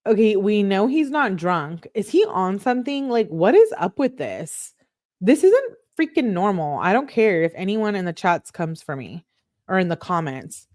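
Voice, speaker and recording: A woman with a mid-range voice speaks at normal speed, recorded dry with clean studio sound. As a true crime commentator on a livestream, she reads out both sides of text messages in a flat tone, breaking in with exasperated asides.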